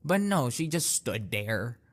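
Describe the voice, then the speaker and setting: A young male podcast host talks through his stories at a slow pace. He is casual and easygoing, with many fillers and restarts. His voice sits at a middling pitch. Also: big pitch swings, a bit bright. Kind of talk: casual storytelling monologue.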